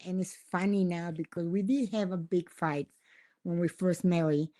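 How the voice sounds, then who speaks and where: A woman's voice: on the low side, steady tone, moderate pace, dark tone. An older woman from Mexico with a Mexican accent and Spanish as her first language, telling stories in simple English on a casual podcast and laughing often. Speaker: guest.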